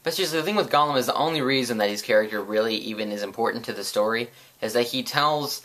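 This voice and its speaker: Brief: male vlogger, comedic rant, rambling and crude, bright timbre. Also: mid-range voice, fast talker. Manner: sarcastic, profane, rambling.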